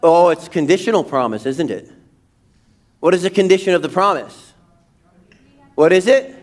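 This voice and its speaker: A man preaching a sermon as pastor, animated, asking rhetorical questions and shouting quoted lines for emphasis. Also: fairly high pitch. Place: church sanctuary.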